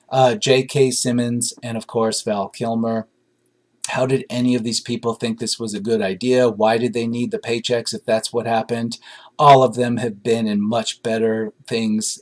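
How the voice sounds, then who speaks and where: A man's voice: medium pitch, a little mellow. Man, film reviewer, casual commentary, rambling, blunt, lots of ums and uhs. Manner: rambling, searching for words with many fillers; blunt and critical. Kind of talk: casual spoken movie review.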